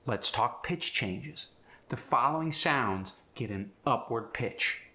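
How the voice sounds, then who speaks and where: Unhurried male accent coach. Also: mid-range voice, animated, bright, forceful tone. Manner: explains sounds step by step, then reads an example sentence. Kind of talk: accent tutorial.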